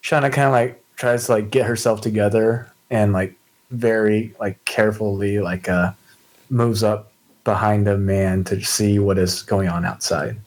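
A man with a lowish, steady, slightly mellow voice talks a little slowly while playing a tabletop role-playing game, describing his character's actions. He rambles and leans heavily on "like." The low-quality recording has a roomy sound.

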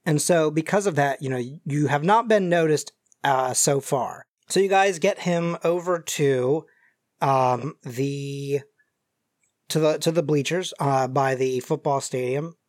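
A man running a tabletop game, narrating the scene with lots of pauses and fillers. His voice sits a bit high, and the recording is dry and close. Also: no room sound. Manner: hesitant, many fillers. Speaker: game master.

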